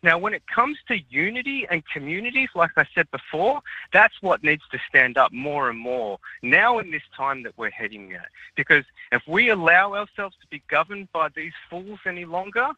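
A man's voice: on the high side, expressive, normal speed, pushed and bright, no echo, muffled recording. A man talking in a casual chat as co-host, ranting in an indignant way. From Australia.

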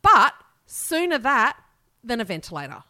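Rambling Australian woman, bright voice. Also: a little high, very animated, moderate pace. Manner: rambling storyteller, laughs often. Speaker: podcast co-host. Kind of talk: casual chat.

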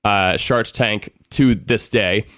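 A man's voice: fairly low pitch, slow, a bit bright, dry recording, studio quality. A young man hosting a podcast, rambling casually with lots of fillers. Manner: rambling, filler-heavy, laughs often. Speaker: podcast host.

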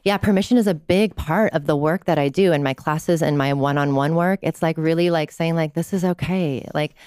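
Interview guest: woman, low smooth voice, candid and earnest, dry studio sound. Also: dry recording. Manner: candid, earnest storytelling, soft and slow when recounting. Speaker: guest therapist. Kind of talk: interview conversation.

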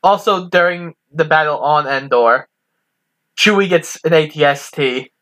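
Male co-host, fairly high voice, relaxed and agreeable, walks through film scenes. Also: measured pace. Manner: easygoing, agreeable, recaps scenes. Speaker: podcast co-host. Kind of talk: casual film-rewatch chat.

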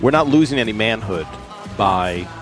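A man's voice: on the low side, expressive, normal speed, over loud music. A middle-aged man, a sitcom writer, telling stories in casual chat, acting out quotes and laughing often.

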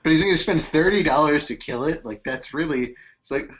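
A man's voice: on the high side, a little fast, a bit bright, a little hiss or hum. A man from Boston on a casual podcast call, ranting and swearing between laughs. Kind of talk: casual chat. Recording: dull lo-fi remote audio.

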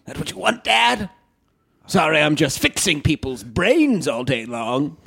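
A man voicing a fussy, high-strung grown son who works as a radio psychiatrist, in a comedy improv scene. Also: very animated, measured pace, creaky, pushed and bright, slightly rough, full character voice. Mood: sarcastic. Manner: shrill, exasperated.

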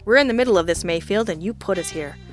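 A woman's voice: mid-range voice, lively intonation, fast, soft background music, close to an everyday voice. A woman reading an audiobook, voicing a grim male private investigator who needles and pushes without letting up. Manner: dry, pushing, needling.

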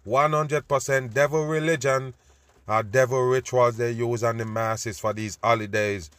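A man giving a loud, preachy, profane rant over news clips, repeatedly addressing his listeners as people. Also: mid-range voice, steady tone, normal speed, clean tone, dry recording. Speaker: host.

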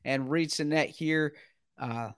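A man calling football play-by-play in a brisk, running commentary style that climbs quickly when big plays happen. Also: a little high, smooth, no echo, clean studio sound. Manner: brisk, rising sharply with excitement at big plays. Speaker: play-by-play announcer.

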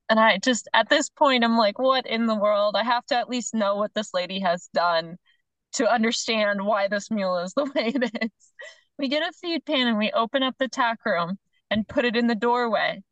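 A middle-aged woman, a horse trainer on a podcast, telling a story in a lively way and acting out what people said. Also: a little high, no room sound, poor audio. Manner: animated storyteller, acts out the other people's lines, laughs between phrases. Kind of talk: casual storytelling chat.

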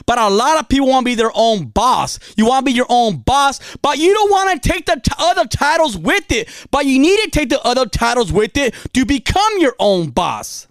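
A woman's voice: high-pitched, sing-song, moderate pace, few pauses, no echo. A woman giving a casual motivational talk, emphatic and repetitive, dropping slang as she drives her points home.

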